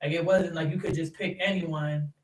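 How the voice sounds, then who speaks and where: A young man who coaches youth basketball and teaches third grade chats animatedly in a casual interview about coaching kids, laughing often and leaning on fillers. His fairly high voice has even intonation and a moderate pace. He's seated away from the mic, so the sound is roomy with noticeable echo.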